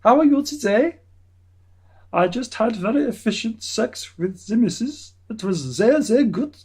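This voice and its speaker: Guy doing a jokey mock german fella, way up high, boasting. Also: animated, unhurried, breathy edge, full character voice. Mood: jolly. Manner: loud, high, comic. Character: cheery caricatured German man, boastful.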